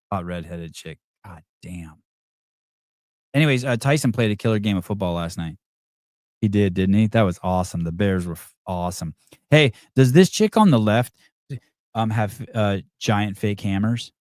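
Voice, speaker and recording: A man's voice: lowish voice, lively intonation, moderate pace, pauses often, darkish tone, no room sound, studio quality. A man hosting a livestream podcast, swearing heavily and mocking a caller in a combative rant. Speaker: podcast host. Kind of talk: heated livestream chat.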